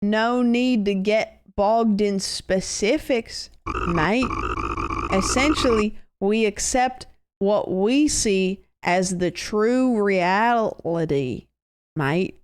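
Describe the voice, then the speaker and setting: Woman putting on a slow, drawn-out Australian guy musing on theories, ends lines with "mate". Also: medium pitch, background noise.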